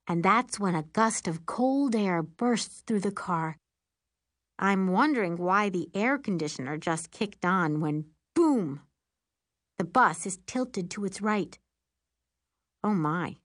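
A woman reading as an excitable, meddling teenage girl who tells the story with wry humor. She takes a slow, unhurried pace, and the audiobook recording is dry and close. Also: mid-range voice, no room sound. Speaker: audiobook narrator. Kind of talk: first-person audiobook narration.

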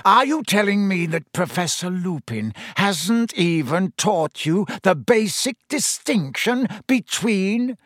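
A man voicing a cold, contemptuous male schoolmaster who speaks slowly and deliberately, sinking to a soft menacing hush. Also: a little high, big pitch swings, husky, no room sound, clean studio sound, voice pushed up, exaggerated voice. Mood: cold scorn. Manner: slow, clipped and icily deliberate, dropping to a soft menacing hush.

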